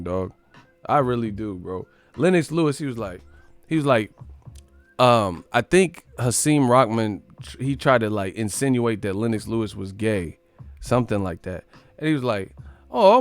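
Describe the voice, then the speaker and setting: A man hosts a boxing live stream, ranting with profanity and plenty of animation. His voice sits in a middle pitch and sounds dry and close. Faint music plays underneath. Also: no room sound. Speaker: boxing channel host.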